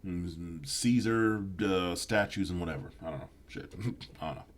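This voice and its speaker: A man's voice: deep voice, animated, moderate pace. A man giving sarcastic reaction commentary, rambling and swearing with mock-apologetic asides. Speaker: video commentator.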